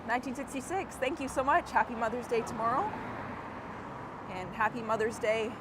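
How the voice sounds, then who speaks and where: A woman's voice: a little high, brisk. A woman hosting a casual live stream as she walks a city street at night, chatting with viewers by name and laughing often. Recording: outdoor street noise with traffic. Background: traffic and street noise.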